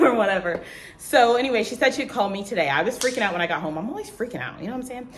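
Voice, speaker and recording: Chatty woman telling a story, quick and lively. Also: a little hiss or hum. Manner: animated storytelling, acts out quotes in a high voice; talks straight to viewers, tags lines with "okay?" and "girl". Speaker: vlogger. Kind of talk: casual chat.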